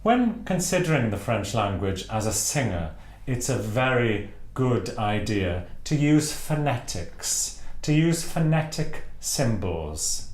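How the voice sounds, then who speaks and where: A man's voice: medium pitch, very animated, slow pace, darkish tone, roomy sound. A man from Wales teaching operatic singing technique, speaking with precise enunciation and demonstrating vowel sounds aloud. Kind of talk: instructional talk to camera.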